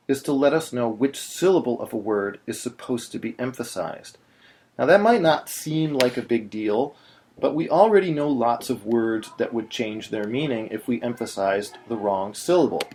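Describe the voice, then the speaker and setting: A man's voice: mid-range voice, darkish tone, slight background noise. A man teaching in a patient, explanatory way, now and then breaking into short sung syllables. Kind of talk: screen-recorded tutorial.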